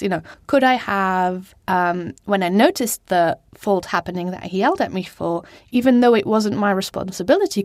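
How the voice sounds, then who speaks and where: Casual self-mocking woman host, young, dry close mic, mid pitch. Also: no echo. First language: German. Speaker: podcast host. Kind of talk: solo podcast monologue. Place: small cupboard at home. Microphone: studio microphone.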